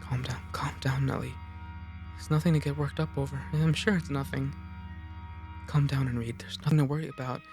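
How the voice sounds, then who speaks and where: A frightened fourteen-year-old noble girl, read by a man, anxious and quick to scold herself. Her speech stays level, with little rise or fall. Soft music plays faintly beneath. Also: a little high, fairly even intonation, natural voice.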